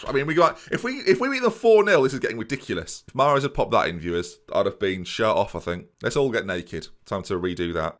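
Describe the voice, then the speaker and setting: A man doing excitable let's play commentary, talking straight to his viewers with mock-boastful swagger. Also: lowish voice, fast talker. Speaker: gaming YouTuber.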